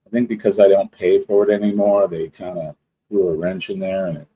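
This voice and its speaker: A man's voice: low voice, level tone, brisk, dull audio, a little hiss or hum. A man hosting a casual live stream, greeting viewers one by one in a rambling, chatty way. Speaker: livestream host.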